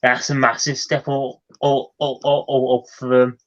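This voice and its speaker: A man's voice: medium pitch, little pitch movement, normal speed. Man, podcast guest, casual chat, stammering, repeats words, dull lo-fi sound.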